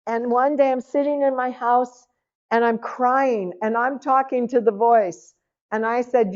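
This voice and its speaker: A middle-aged woman giving a personal testimony at a church seminar, telling her story in a lively way and acting out the dialogue. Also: fairly high pitch, a little slow. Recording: lo-fi, dull recording.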